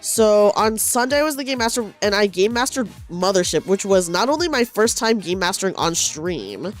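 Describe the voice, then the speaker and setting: A young woman streamer talks casually as she knits, rambling and restarting her sentences in a self-deprecating way. Her voice sits at a middle pitch. Faint music plays behind her. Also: animated, normal speed. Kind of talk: casual chat while knitting.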